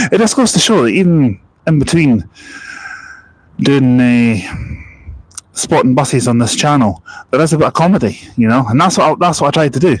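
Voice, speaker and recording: A man's voice: medium pitch, animated, moderate pace, pauses often, breathy edge, dry recording, low-quality recording. A Scottish man chatting casually on a bus-spotting live stream, reading out viewer comments in a jokey, rambling way. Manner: jokey, rambling, laughs at his own stories.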